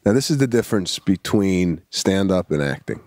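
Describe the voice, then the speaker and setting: A man in his forties, a podcast co-host telling a story in a casual chat, animated and calling his friend "bro". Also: low voice, moderate pace.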